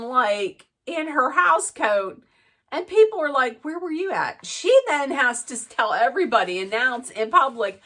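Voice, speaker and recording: A middle-aged woman chatting through a gossipy, animated recap of a reality show. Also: fairly high pitch. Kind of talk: casual recap chat.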